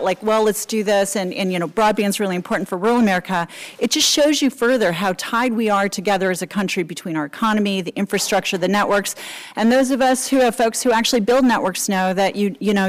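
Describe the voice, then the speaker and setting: A woman speaking as a panelist before an audience, measured and thoughtful, building long points with fillers. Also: mid-range voice. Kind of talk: panel discussion. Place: conference room with audience.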